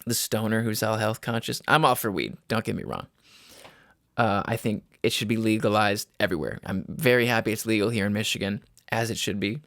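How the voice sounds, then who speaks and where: A man's voice: fairly low pitch, brisk, gravelly, a bit bright, dry recording, studio quality. A young man hosting a casual solo podcast, rambling and swearing, laughing at himself. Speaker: podcast host. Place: a home room.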